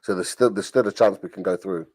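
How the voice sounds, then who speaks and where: A low-voiced man on a football fan livestream backs up his co-host and calmly walks through the rules of a contested penalty, with a few restarts. The sound is close and dry, like a home video-call mic. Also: fast talker, dry recording. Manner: agreeing, explains the rules, fillers and restarts. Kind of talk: post-match fan chat on a livestream.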